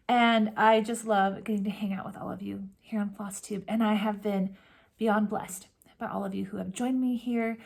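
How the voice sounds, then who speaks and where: A woman hosting a cross-stitch vlog, chatting warmly and emotionally to camera from home, with soft whispered asides. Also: medium pitch, creaky. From California. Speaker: Flosstube host. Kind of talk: casual chat to camera.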